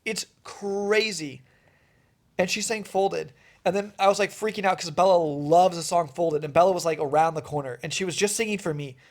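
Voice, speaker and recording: A man's voice: high voice, normal speed. A man co-hosting a podcast in casual chat, telling stories enthusiastically and rambling with lots of "like.". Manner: enthusiastic, rambling, heavy on "like" fillers. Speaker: podcast co-host.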